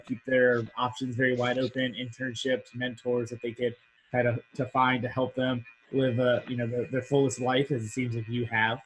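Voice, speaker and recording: A man's voice: medium pitch, a bit bright, a little hiss or hum, low-quality recording. A man co-hosting a podcast, asking a long, winding question full of hesitant fillers. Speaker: podcast co-host. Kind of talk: casual interview question.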